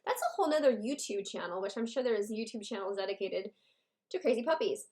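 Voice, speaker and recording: A woman in her thirties giving a casual personal update at home, halting and heartfelt, with pauses and restarts. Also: mid-range voice, expressive, a little mellow. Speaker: vlogger.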